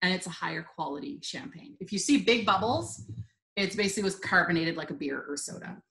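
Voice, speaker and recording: A woman's voice: fairly low pitch, lively intonation, a little fast, fairly bright tone. A woman teaching a live online wine tasting, chatty and upbeat. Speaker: wine instructor. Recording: roomy echo.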